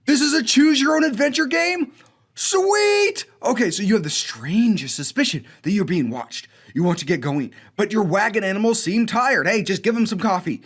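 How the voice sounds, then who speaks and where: High-voiced, excitable young man hosting. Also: normal speed, breathy edge. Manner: energetic, enthusiastic, self-mocking. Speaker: host of a coding school showcase. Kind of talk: upbeat video showcase, playing student games. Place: indoor studio with green screen.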